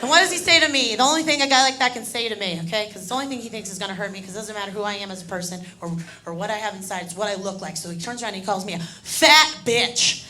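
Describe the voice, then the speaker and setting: A woman performing a stand-up comedy set on a club stage, telling stories in an animated way and acting out the people in them. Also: mid-range voice, racing, hardly any pauses, slight background noise. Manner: animated storytelling, acting out drunk voices.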